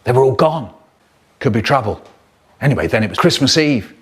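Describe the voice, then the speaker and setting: A man telling comic stories, animated and playful, with exaggerated swoops in his voice. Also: medium pitch, a little fast, husky. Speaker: children's storyteller. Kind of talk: comic storytelling, spliced edit.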